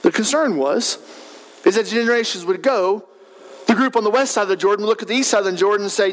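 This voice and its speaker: A pastor preaching a sermon in a church, animated, his voice swelling to shouts for emphasis. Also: sits high, fast talker. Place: church sanctuary.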